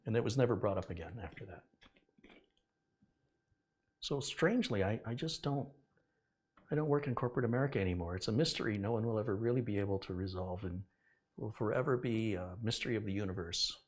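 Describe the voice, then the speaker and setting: A man's voice: lowish voice, a little fast, long pauses. A middle-aged man hosting a tech video, casually telling a story from his working life and acting out the dialogue with laughs. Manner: animated, acts out quoted dialogue with laughs.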